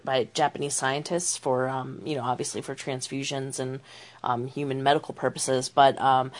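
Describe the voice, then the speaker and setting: A woman co-hosting a podcast in casual chat, talking easily with lots of "um" fillers. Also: rumbling low. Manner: chatty, many "um" fillers, laughs easily. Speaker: podcast co-host.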